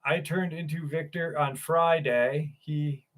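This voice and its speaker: A man with a voice a touch higher than usual hosts a casual live stream. He greets viewers by name and reacts to their comments in loose, chatty talk with the odd curse and plenty of laughs. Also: steady tone, slow pace, fairly bright tone.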